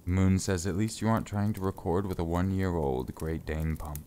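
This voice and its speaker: A man's voice: deep voice, steady tone, moderate pace, dark tone, slight background noise. A man chatting casually on a live stream from a home closet, laid-back and joking, swearing freely, a little stuffy from sinus trouble.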